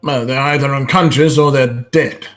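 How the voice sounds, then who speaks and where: A man's voice: mid-range voice, steady tone, moderate pace, a bit bright, soft background music, close to an everyday voice. A man voicing a stern male guard captain who questions the adventurers bluntly and skeptically.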